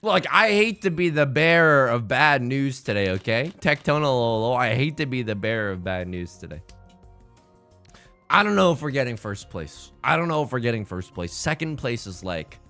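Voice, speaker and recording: A man's voice: medium pitch, very animated, normal speed, pushed and bright, soft background music. A man live-streaming a game, chatting casually and jokily, rambling and repeating his own phrases while greeting viewers. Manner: greets chat by name mid-sentence. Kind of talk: casual stream chat with gameplay commentary.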